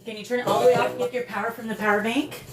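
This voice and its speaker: A woman hosting a live paranormal spirit session, coaxing the spirits and greeting her viewers in a warm, emotional way. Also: a little high, flat delivery, very fast, noisy background. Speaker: paranormal livestream host.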